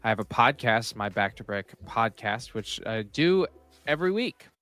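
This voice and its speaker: A man's voice: mid-range voice, big pitch swings, moderate pace, a bit bright. A man as a podcast guest, joking and teasing in casual chat. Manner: jokey, teasing.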